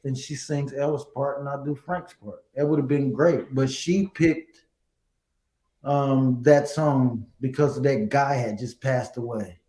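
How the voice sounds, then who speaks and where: A middle-aged man, a guest singer, telling stories in a casual interview, animated and laughing. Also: medium pitch, unhurried, roomy sound, low-quality recording.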